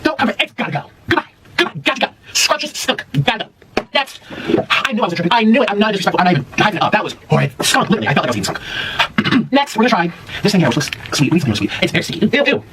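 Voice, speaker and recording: Dramatic, jokey male food vlogger, lively swooping delivery, recorded off-mic. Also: high-pitched, racing. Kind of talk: casual food tasting chat. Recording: distant mic with clear background noise.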